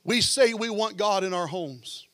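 A man preaching a fervent sermon as pastor, building to shouts and then dropping low. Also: unhurried, dry recording.

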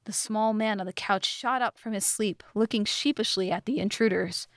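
A woman reads a fantasy story aloud as an audiobook narrator, steady and measured in a middle register. The recording is close and dry, with no room around her. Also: mid-range voice, no room sound. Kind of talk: scripted narration.

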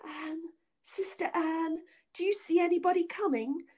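A woman voicing a frightened young noble wife who pleads for her life in a high, anxious voice. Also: lively intonation, measured pace. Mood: desperate.

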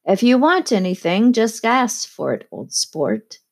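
A woman voicing a formal, courteous young gentleman. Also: fairly high pitch, big pitch swings, unhurried, exaggerated voice. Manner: careful, formal speech. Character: elegant, formal young man, host of parties.

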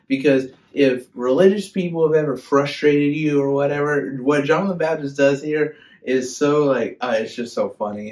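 Young male youth pastor, mid-pitched, chatty humorous sermon delivery. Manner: chatty, sassy, humorous, animated. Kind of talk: casual sermon.

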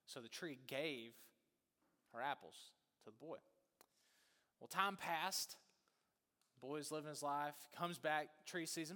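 A man preaching a sermon, telling a story in an animated way and acting out the voices. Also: a little high, takes it slowly, pauses often. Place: church sanctuary. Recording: long church reverb.

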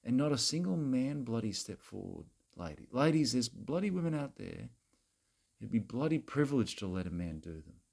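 A man's voice: mid-range voice, very animated, normal speed, creaky, darkish tone. A man playing a crude, self-righteous Australian bloke who rants at women in a rambling, repetitive way, saying mate and bloody constantly. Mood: preachy rant. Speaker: comedy character monologue. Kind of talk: satirical rant to camera.

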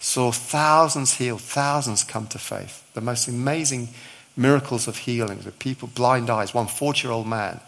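A man's voice: mid-range voice, moderate pace, creaky, a bit bright. A middle-aged male visiting preacher giving a sermon, telling a story with acted-out dialogue and touches of humour.

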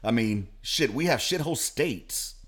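A man's voice: medium pitch, lively intonation, unhurried, a bit bright. A man from Los Angeles, co-hosting a podcast, telling crude stories and laughing. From Los Angeles, California. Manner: profane, laughing, swaggering storyteller. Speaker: podcast co-host. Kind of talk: crude casual chat, storytelling.

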